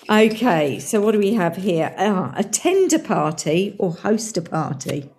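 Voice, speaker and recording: A woman's voice: mid-range voice, sing-song, takes it slowly, a little mellow. Upbeat woman podcast host. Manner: chatty and upbeat, laughs a lot. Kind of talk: casual interview chat.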